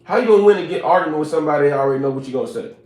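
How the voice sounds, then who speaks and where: A man's voice: fairly high pitch, animated, racing, darkish tone. Emphatic preacher-like man, echoey room. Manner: emphatic, preacher-like, repeats points, asks the chat to respond. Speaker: motivational speaker. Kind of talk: motivational live stream talk. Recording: roomy echo with faint music.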